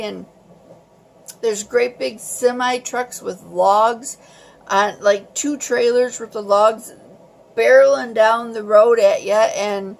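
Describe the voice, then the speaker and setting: A woman vlogger telling a story in a casual, animated and exasperated way. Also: fairly high pitch, creaky.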